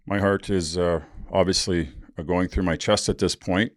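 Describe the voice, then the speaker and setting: A man's voice: deep voice, fairly even intonation, normal speed, dry recording, studio quality. A man, a podcast host telling a personal story in a blunt, profane way with rueful laughs.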